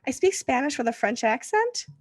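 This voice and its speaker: A woman's voice: sits high, very animated, normal speed, no echo. A woman, hosting a casual interview chat and laughing often. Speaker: podcast host.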